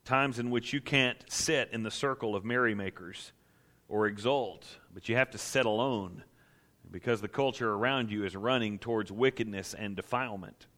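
A man's voice: fairly low pitch, normal speed, a bit bright. A man preaching a sermon as pastor to a church gathering, earnest and building to impassioned emphasis.

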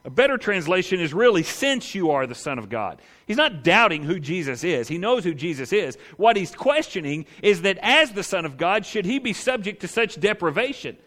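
A male pastor preaching a sermon in an animated, conversational way with rhetorical asides. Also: high voice, fairly quick, hardly any pauses.

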